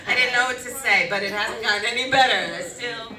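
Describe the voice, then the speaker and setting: A woman's voice: a little high, moderate pace, distant mic. Self-mocking woman host, echoey live room. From upstate New York. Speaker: comedy show co-host. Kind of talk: casual comedic panel chat. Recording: echoey live venue, mic from afar, crowd.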